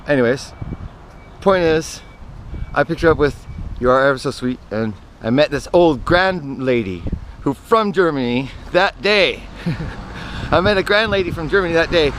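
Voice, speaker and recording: A man's voice: a little high, fairly bright tone. A man telling personal stories in a casual, meandering monologue, often correcting himself and drifting into asides. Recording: outdoor traffic noise.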